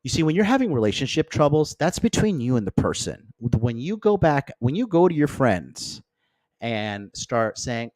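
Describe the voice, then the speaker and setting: Male host, mid-pitch, blunt and profane dating talk on a live stream, keeps asking "okay?", dry close-mic sound, no room. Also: sing-song, moderate pace, darkish tone, no echo. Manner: acts out friends and exes in mocking higher voices. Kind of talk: livestream dating advice talk.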